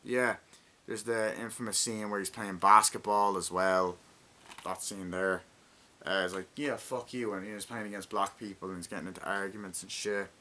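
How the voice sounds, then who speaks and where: A man's voice: fairly low pitch, fairly even intonation, moderate pace, sharp tone, a little hiss or hum. A young man in his twenties giving a rambling, profanity-heavy casual movie review and acting out lines from the film. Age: 20s.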